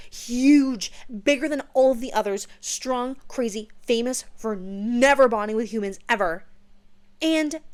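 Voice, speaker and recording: A young woman hosting a podcast, gushing excitedly through a casual book recap and dropping into hushed whispers for emphasis. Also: a little high. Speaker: podcast host.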